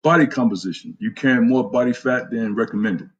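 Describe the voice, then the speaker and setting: A man's voice: medium pitch, fairly quick, slightly rough, lo-fi sound. A man who is a fitness trainer, giving a blunt, profane talk on a live stream and greeting viewers by name. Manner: blunt, profane, trash-talking.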